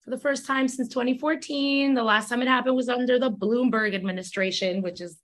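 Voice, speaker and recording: A woman's voice: on the high side, a little fast, fairly bright tone. A woman co-hosting a podcast, talking casually and laughing often as she explains things at length. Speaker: podcast co-host. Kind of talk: casual chat.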